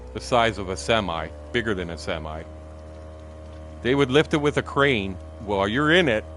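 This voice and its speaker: Profane older man telling loud stories. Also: fairly low pitch. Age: 60s. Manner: profane, animated storyteller acting out shouted quotes. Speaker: gaming streamer. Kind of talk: casual storytelling while gaming.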